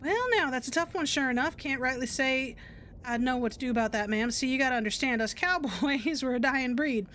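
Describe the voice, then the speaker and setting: A wistful old cowboy with a lazy, homespun drawl, as a woman puts him on. The voice sits high for the part, and he talks in plain, folksy turns of phrase. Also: brisk, a bit bright, slight background noise.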